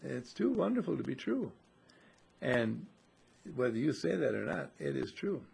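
A man giving a slow, musing spiritual teaching to a group, repeating and correcting himself and acting out his listeners' voices. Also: mid-range voice, sing-song, vocal fry, darkish tone, breathy edge. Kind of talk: metaphysical teaching talk to a group.

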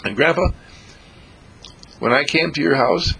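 A man voicing a loving, earnest nine-year-old grandson with a husky, creaky voice and a pleading, childlike manner. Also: fairly high pitch, a little slow, bright, forceful tone, pitched above the performer's own voice, full character voice. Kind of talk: storytelling.

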